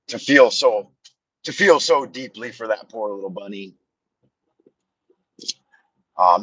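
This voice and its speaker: A man's voice: mid-range voice, a bit bright, slightly rough, no room sound, rough recording. A man rambling and telling stories on a live stream from his car while driving, with a meandering, self-deprecating, joking manner. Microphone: phone on a camera mount.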